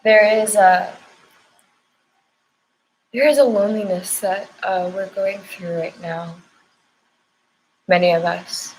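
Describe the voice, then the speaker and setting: A woman's voice: medium pitch, steady tone, slow pace, long pauses, darkish tone, slight background noise, low-quality recording. Tender, tearful woman reading oracle cards. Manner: tender, emotional, affirming, near tears. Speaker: oracle card reader. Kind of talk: spiritual card reading with affirmations.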